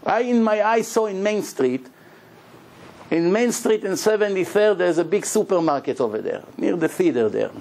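A man speaking as a rabbi in a Torah lecture, with animated storytelling, rhetorical questions and acted-out dialogue. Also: sits high, moderate pace, vocal fry.

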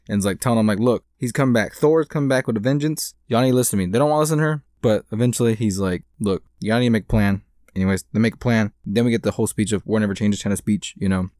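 A man's voice: on the low side, darkish tone, no echo, studio quality. Rambling young man recapping a movie. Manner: rambling, full of "like" and restarts. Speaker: movie reviewer. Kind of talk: casual spoken movie recap.

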